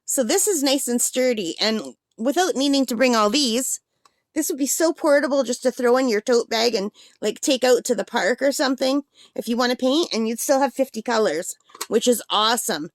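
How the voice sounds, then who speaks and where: Woman, a bit high-pitched, hiccuping, relaxed rambling unboxing chat, dry booth-like sound. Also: moderate pace, no room sound. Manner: chatty, rambling, with fillers and small laughs. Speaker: art supply unboxing vlogger.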